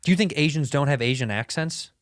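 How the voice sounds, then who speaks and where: A man's voice: on the high side, quick pace, dry recording. A man's voice, close and dry with no room sound, trades jabs on a comedy podcast. He teases and needles his partner, taking the opposite side for laughs. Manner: teasing, dry contrarian needling. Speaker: podcast co-host. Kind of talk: casual comedic chat.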